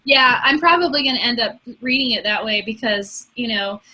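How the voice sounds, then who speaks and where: Twenties woman, slight Michigan accent, bright, chatty co-host energy. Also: a little high, normal speed. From Michigan, USA. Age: 20s. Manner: chatty, laughs easily. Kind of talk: casual chat.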